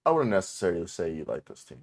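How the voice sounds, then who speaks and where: A man's voice: sits low, wildly swooping pitch, quick pace, gravelly, a little mellow. A man co-hosting a basketball podcast in casual chat, teasing and joking. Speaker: podcast co-host.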